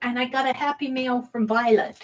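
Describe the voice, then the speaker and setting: High-voiced chatty woman crafter. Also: steady tone, brisk, a little hiss or hum, rough recording. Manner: chatty, cheerful, thinks aloud while working. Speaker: craft vlogger. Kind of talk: casual crafting vlog chat. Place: home craft room.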